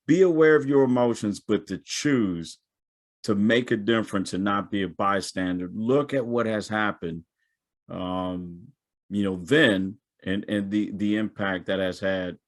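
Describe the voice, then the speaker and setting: A middle-aged man hosting a podcast interview, praising his guest effusively and calling him his friend. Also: lowish voice. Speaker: podcast host.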